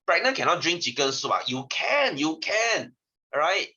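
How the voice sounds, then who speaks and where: A man with a Malaysian English accent gives a joking science lesson, his voice bright and his pitch jumping all over. He teases the class and laughs between points. The recording sounds dull and lo-fi. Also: moderate pace. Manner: animated, teasing, laughs often. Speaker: science tutor.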